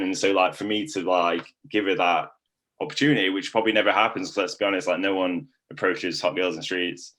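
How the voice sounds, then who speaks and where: Speaking fast with fairly even intonation, this young man has a low voice and a fairly bright tone. He's a coaching client giving a casual, rambling testimonial packed with "like."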